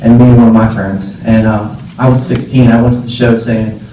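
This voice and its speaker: Fairly quick and flat, his mid-range voice has a dark tone. The young man is giving a casual eulogy in a memorial gathering room, telling fond, wandering stories with frequent fillers and laughter, recorded in an echoey space from far off with faint noise.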